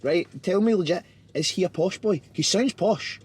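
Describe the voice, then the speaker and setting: A Scottish man hosting a casual podcast interview, talking in an animated, sweary, chatty way from inside a car. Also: high voice, normal speed, slightly rough. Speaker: podcast host.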